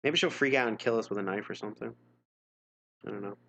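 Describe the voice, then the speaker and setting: A man's voice: lowish voice, quick pace, creaky, pushed and bright. A man streaming live, reading an interactive gamebook aloud and chatting casually, wry and self-mocking with frequent chuckles.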